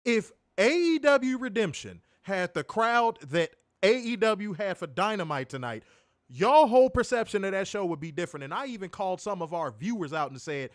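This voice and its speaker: A man in a raised register hosting a podcast, his pitch swinging widely as he rants and teases with plenty of profanity. He sits close to the mic, so the sound is dry and close. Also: normal speed, dry recording. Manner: animated, profane, teasing ranting. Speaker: co-host of a wrestling review show. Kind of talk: casual podcast chat.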